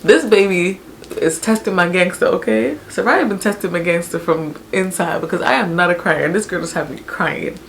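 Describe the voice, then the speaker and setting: A young woman telling a personal story in a casual, animated, chatty way, with many fillers. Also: fairly low pitch, fairly quick, gravelly, slight background noise. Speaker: vlogger telling her birth story.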